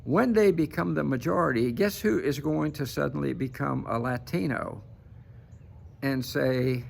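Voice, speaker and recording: A man's voice: fairly high pitch, a little slow, vocal fry. A man giving casual political commentary to camera, emphatic and repeatedly tagging his points with "okay?".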